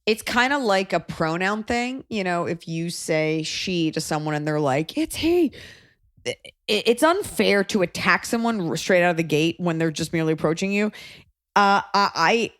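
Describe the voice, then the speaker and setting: A woman from Texas hosts a podcast in easy chat, her voice sitting a bit low. She tells stories with energy and pops into high, squeaky voices when she acts out quotes. The sound is close and dry. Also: moderate pace, dry recording. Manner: animated storyteller, jumps into high voices for quotes. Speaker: podcast host. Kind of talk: casual chat.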